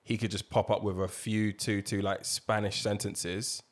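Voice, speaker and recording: A man's voice: lowish voice, little pitch movement, normal speed. A man in casual podcast chat, reflective and jokey.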